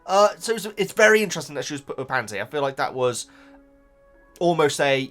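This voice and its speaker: A young man casually reacting to a book he is reading, rambling and halting, often stopping to laugh at himself. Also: on the high side, animated, a bit bright, soft background music.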